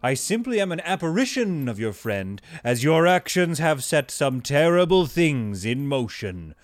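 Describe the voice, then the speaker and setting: Man, comic sketch player, fumbling and apologetic, animated pitch, dry sound. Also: a little slow, dry recording. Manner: awkward, apologetic, exasperated. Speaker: comedy sketch performer. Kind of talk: improvised comedy sketch.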